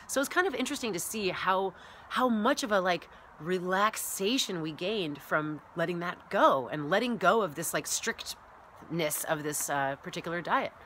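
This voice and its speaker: A rambling massage therapist and wellness coach talks through a casual vlog at normal speed, her fairly low voice punchy and peppered with "like" and "you know." She animatedly acts out her own past thoughts, and a slight hiss or hum can be heard.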